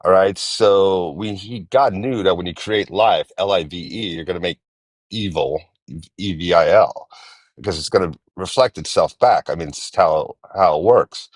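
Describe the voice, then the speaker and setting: A man in his forties calling in to a live-stream debate, talking in halting restarts and repeating himself. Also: low voice, dry recording. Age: 40s. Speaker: guest caller.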